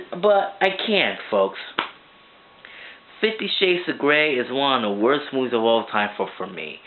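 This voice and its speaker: A man ranting through a movie review in an excitable, rambling way, now and then shouting. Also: mid-range voice. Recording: tinny phone-like sound.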